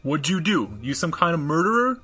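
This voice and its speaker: A man doing a pushy teenage ringleader, gruff and raised, tabletop game voice. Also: on the high side, big pitch swings, a little fast, sharp tone, soft background music, pitched above the performer's own voice. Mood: suspicious. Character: bossy teen boy gang leader Brody.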